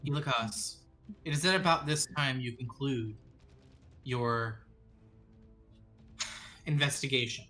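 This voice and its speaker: A man acting as dungeon master, describing a scene and laying out choices for the players in a measured storytelling manner. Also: medium pitch, sharp tone, soft background music. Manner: descriptive, measured storytelling with sudden quick asides. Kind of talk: narrating a tabletop game.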